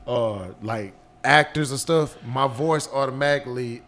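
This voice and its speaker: A man with a deep voice talks in a loose, rambling way, circling back over his words. His pitch sits in the middle range. A faint hiss of noise runs under the recording. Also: unhurried. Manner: relaxed, rambling, repeats words. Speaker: guest actor and comedian. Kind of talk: casual chat.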